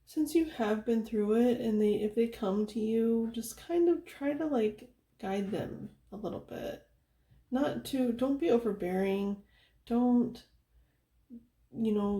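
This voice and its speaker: A young woman giving a casual tarot reading, soft-spoken and chatty, laughing often and filling her talk with "like". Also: mid-range voice, reverberant. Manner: giggly, chatty, soft-spoken, with frequent fillers. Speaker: tarot reader.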